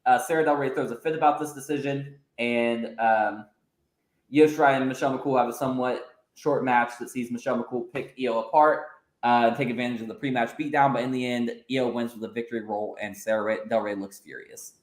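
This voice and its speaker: A man's voice: medium pitch, steady tone, brisk. Casual man narrating with a roomy echo. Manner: casual, with frequent filler sounds. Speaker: podcast host. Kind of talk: narrating fantasy wrestling storylines.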